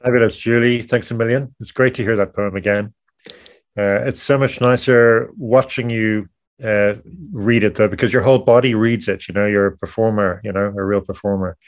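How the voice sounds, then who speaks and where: A man hosting an online poetry reading, introducing each reader and praising them in an effusive, unhurried way. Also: on the low side, fairly even intonation.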